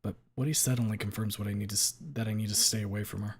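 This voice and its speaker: A man streaming a visual novel, reading the narration aloud as a low, muttered inner monologue with some swearing. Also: fairly even intonation, fast, vocal fry, a little hiss or hum.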